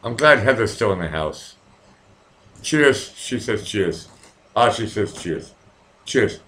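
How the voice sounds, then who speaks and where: A man's voice: lowish voice, sing-song, slow, fairly bright tone. A middle-aged American man hosting a casual livestream, chatting with viewers in a profane, rambling way while drinking. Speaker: livestream host. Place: at home in Vienna.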